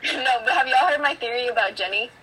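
A woman's voice: fairly high pitch, fast, pushed and bright, breathy edge, low-quality recording. A teenage girl chatting casually on a podcast, winding through her thoughts with lots of fillers. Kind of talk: casual chat.

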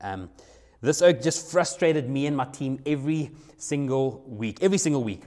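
A man's voice: mid-range voice, animated, moderate pace, a little mellow. A young adult man, a youth pastor telling a personal story in a sermon, conversational and repeating phrases for emphasis.

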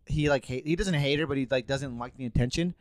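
A man's voice: mid-range voice, quick pace, dry recording. A young man chatting casually with friends as a podcast co-host, loose and profane, laughing often. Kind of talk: casual chat.

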